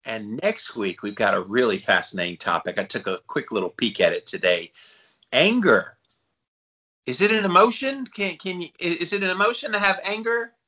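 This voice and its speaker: Bright-voiced man co-hosting a podcast. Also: fairly high pitch, lively intonation, moderate pace, muffled recording. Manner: upbeat, wraps up topics for listeners. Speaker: podcast co-host. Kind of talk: casual podcast chat.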